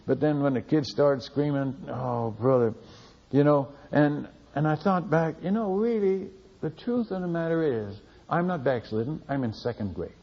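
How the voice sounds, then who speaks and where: A man, a missionary, tells a lively testimony story, laughing and repeating words as he goes. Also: on the high side, normal speed, long reverb tail. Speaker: missionary speaker. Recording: dull lo-fi recording.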